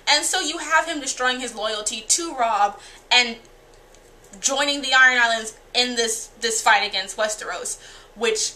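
A woman's voice: a little high, fairly quick, sharp tone, a little hiss or hum. A woman giving a casual, candid and profane spoken review of TV episodes, often acting out the characters' lines. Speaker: TV show reviewer.

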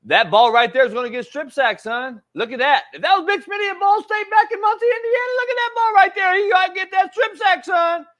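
A man putting on a loud, high-pitched football coach voice that scolds a player and keeps calling him "son". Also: brisk, hardly any pauses, dull audio. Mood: scolding. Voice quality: shouts and drawls "son" at the end of lines. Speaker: sports show host. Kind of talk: film-breakdown sports commentary.

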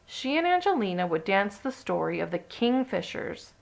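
A woman reading a children's picture book aloud with steady, expressive storytelling. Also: mid-range voice, normal speed, creaky. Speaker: storybook reader.

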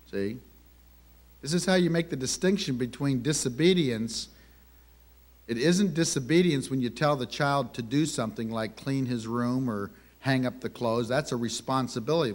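A man giving a conversational sermon on parenting, telling family stories and asking the audience rhetorical questions. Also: mid-range voice. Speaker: minister teaching on parenting.

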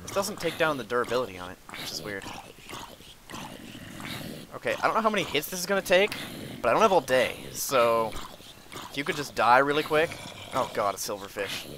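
A man giving let's play commentary, sarcastic and easily frustrated, with sudden yells at monsters. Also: medium pitch, big pitch swings, fairly quick, pauses often, background noise. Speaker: gamer.

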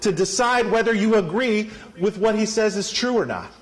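High-voiced man preaching a sermon. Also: expressive, moderate pace. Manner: emphatic, calls for congregation responses. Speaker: pastor. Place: church sanctuary.

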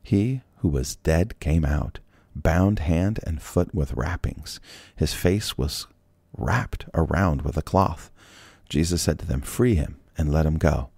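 A man's voice: rumbling low, slow pace, a little mellow, slightly rough, dry recording. A man reading scripture aloud and breaking off for casual, joking asides. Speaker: Bible reader.

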